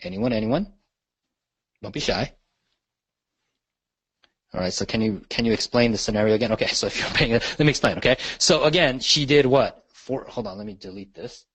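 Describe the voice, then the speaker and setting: A man's voice: mid-range voice, normal speed, pauses often, a bit bright, husky, dry recording. A man leading a real estate marketing training call, talking in a conversational way and checking in with the group after nearly every point. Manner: conversational, repeats questions, lots of "right?" and "okay?". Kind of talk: live training call, teaching.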